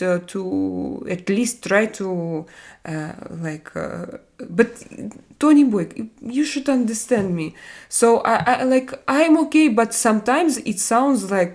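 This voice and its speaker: A woman in her forties chats casually on her live stream. She reads out viewers' messages and answers them. She talks in a loose, halting way, full of filler words. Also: mid-range voice, animated, a little mellow. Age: 40s. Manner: chatty, hesitant with many fillers.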